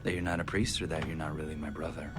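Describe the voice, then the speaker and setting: A man's voice: a bass voice, little pitch movement, fast talker, music in the background. An actor playing a needling, sarcastic young man in a period drama. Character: mocking young man, the fake priest's companion.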